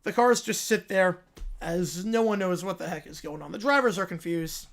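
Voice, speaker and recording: A livestream host, a man, narrating an improvised comedic story quickly and laughing at his own jokes. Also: sits high, a bit bright.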